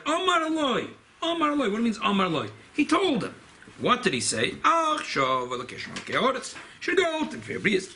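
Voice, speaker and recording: A rabbi teaches a Torah class in a study hall, with a bright, ringing voice that swings widely in pitch. He talks in an emphatic, animated way and keeps repeating key phrases as he builds his argument. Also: a little hiss or hum.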